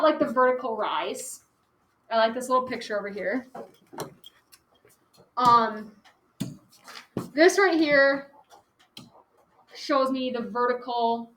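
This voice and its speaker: A woman teaching a lesson in a slightly high voice, talking casually and peppering her explanations with "like" and "okay". She is recorded in an echoey classroom. A faint noise hangs behind her. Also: lively intonation, takes it slowly, long pauses, fairly bright tone. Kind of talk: classroom lecture.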